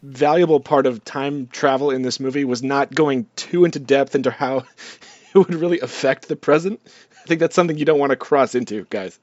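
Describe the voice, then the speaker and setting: A man's voice: medium pitch, moderate pace, a little mellow, no room sound, highs cut off. A man who is a guest on a casual comedic podcast, dry and self-deprecating, calling in from outside the studio. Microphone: remote, not in the studio.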